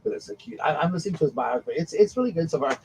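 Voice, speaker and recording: A man's voice: on the high side, lively intonation, rapid-fire, a little mellow, slight background noise, low-quality recording. Rambling chatty man on a live stream. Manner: rambling, chatty, self-interrupting. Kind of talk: casual live-stream chat.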